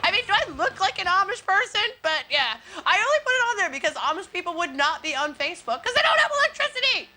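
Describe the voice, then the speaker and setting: A woman's voice: very high-pitched, big pitch swings, fast talker, hardly any pauses, pushed and bright. A young woman hosting a comedy show, chatty, sarcastic and rambling, often breaking into giggles. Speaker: host. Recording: old VHS TV recording with music.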